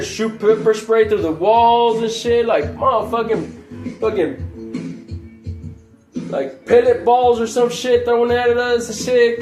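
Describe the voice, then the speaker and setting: Мужчина с очень высоким голосом. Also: male voice, high-pitched. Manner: profane, rambling, laughs often. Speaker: channel host. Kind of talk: casual storytelling.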